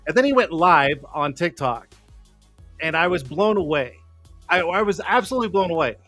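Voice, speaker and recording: A man's voice: fairly high pitch, lively intonation, normal speed, a bit bright, faint music behind. A man hosting a live streamed show in casual chat, rambling, swearing freely and laughing often.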